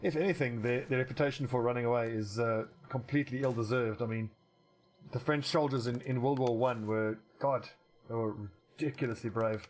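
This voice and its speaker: A man's voice: mid-range voice, steady tone, brisk, darkish tone, faint music behind. A man giving casual, rambling commentary while playing a strategy game, swearing casually and restarting his sentences. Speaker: let's play commentator.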